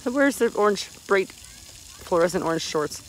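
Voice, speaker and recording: A woman filming her son at an outdoor spray park on her phone, rambling casually with fillers and laughs, her voice a bit hoarse. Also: mid-range voice, expressive, moderate pace, poor audio. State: hoarse from screaming.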